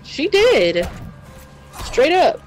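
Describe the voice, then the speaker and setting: A woman's voice: high voice, wildly swooping pitch, very slow, soft background music, low-quality recording. A woman commentating a fighting game tournament in a casual, hyped way, laughing often and using slangy speech.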